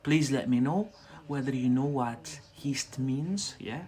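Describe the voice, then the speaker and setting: A man's voice: medium pitch, slow pace, a little mellow, slight background noise. A man with a Scottish-influenced accent teaching English on a casual livestream, chatty and loose, repeating words for his viewers. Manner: talks to viewers directly and stretches out key words.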